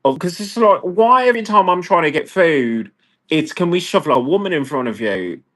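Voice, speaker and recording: A man's voice: on the high side, lively intonation, moderate pace, a bit bright. A man in an agitated, profane, rambling personal rant, talking to camera. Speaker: vlogger. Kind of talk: ranting personal monologue.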